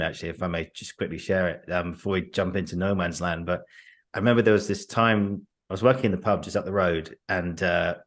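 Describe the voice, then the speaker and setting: A man hosting a podcast who chats casually and laughs as he tells his own anecdotes. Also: low-pitched. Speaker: podcast host. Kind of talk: casual conversational storytelling.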